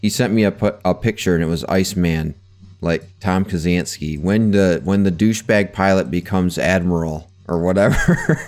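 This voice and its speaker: A young man talking through a film with friends in a relaxed podcast chat. His voice sits fairly low and he laughs easily, cutting in eagerly when he has a point to make. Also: normal speed. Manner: animated, laughing, jumps in and interrupts. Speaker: podcast co-host. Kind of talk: casual movie discussion.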